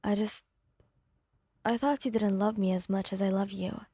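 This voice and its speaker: A woman's voice: mid-range voice, fairly even intonation, normal speed, dark tone, slightly rough, no room sound, studio quality, close to an everyday voice. A woman voicing a hurting young lover in an ASMR fanfic reading, speaking hesitantly and apologetically with a strained voice. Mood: tearful.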